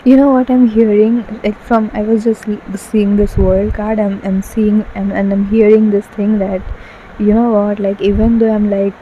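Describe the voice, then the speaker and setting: A woman talks through a tarot reading in a gushing, emotional way, stacking up fillers and tearing up at times. Her voice sits at a middle pitch with a very dark, mellow tone. The recording is a little dull, with a faint hum behind her. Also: little pitch movement, normal speed. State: tearful at times. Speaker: tarot card reader. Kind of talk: casual tarot reading monologue.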